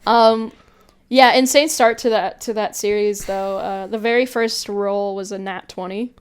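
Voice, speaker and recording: A woman's voice: mid-range voice, steady tone, measured pace, clean tone. A woman co-hosting a podcast in casual chat, rambling and laughing often. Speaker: podcast co-host.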